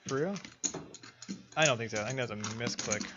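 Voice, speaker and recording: A man's voice: mid-range voice, moderate pace. A man giving casual, joking poker commentary, teasing his co-host. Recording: muffled stream audio with noise.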